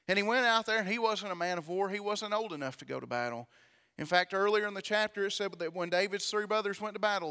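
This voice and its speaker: A man's voice: high voice, bright, forceful tone, clean tone. A man preaching a sermon, reading scripture aloud and building to fervent delivery. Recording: long reverb of a large hall.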